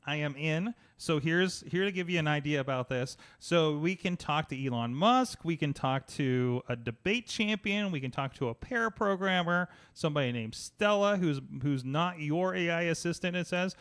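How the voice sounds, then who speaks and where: A man's voice: on the high side, moderate pace, hardly any pauses, a bit bright, clean tone. A man hosting a casual tech podcast who talks in looping restarts and reads chatbot replies aloud. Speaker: podcast host.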